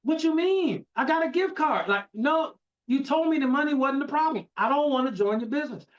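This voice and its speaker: An evasive grown man turns down a sales pitch in short, dismissive answers, his voice riding noticeably high as a trainer plays him in a role-play. The sound is lo-fi video-call audio. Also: expressive, a little fast. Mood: reluctant. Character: reluctant adult male sales prospect, evasive.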